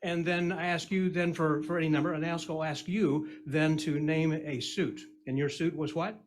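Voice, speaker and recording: Joke-cracking magician on a live stage. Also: male voice, a little high, steady tone, moderate pace, noisy background. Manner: corny punning patter, chatty, teasing the crowd. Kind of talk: comedy magic act with audience banter. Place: live stage before an audience.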